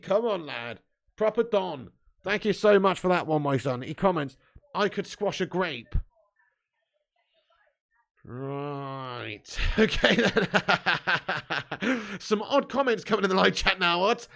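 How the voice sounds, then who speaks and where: A man's voice: sits high, creaky, fairly bright tone. A man hosting a live football watch-along, reading out viewers' chat comments and bantering with them, laughing often. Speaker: live stream host.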